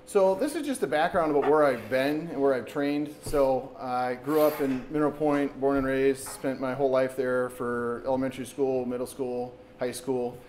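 A man's voice: medium pitch, moderate pace, few pauses, a little mellow, poor audio. A man in his thirties from Wisconsin talks an audience through knee surgery in a loose, conversational lecture, often restarting his sentences. His voice sits in a middle register. Faint background noise fills the meeting room. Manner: conversational, with frequent restarts and "so basically". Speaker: orthopedic surgeon giving a public talk. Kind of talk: informal public lecture. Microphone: camera recording in the room.

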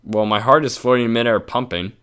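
A man commenting on his gameplay in a jokey, excitable way, breaking into silly singing and high yelps. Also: fast, clean tone. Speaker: gaming commentator. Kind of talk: let's play commentary. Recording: loud game music behind. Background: game music.

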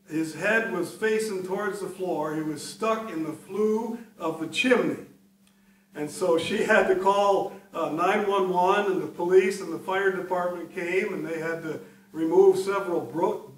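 A man in his sixties, a pastor preaching a sermon in an unhurried, conversational way with personal stories. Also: on the high side. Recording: roomy echo from a distance, faint hiss.

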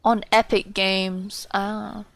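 A young woman streaming a game live, chatting casually and excitedly as she thinks aloud about what she is doing. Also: medium pitch, slow pace, vocal fry. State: yawning, a bit sleepy.

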